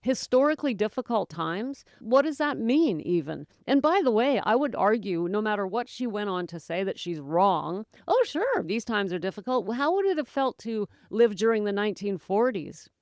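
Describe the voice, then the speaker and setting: Woman, 40s, podcast host, casual monologue, animated, smooth clear voice. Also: mid-range voice, normal speed, hardly any pauses, no echo, studio quality. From North America. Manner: chatty, animated, laughs often, addresses listeners as gals.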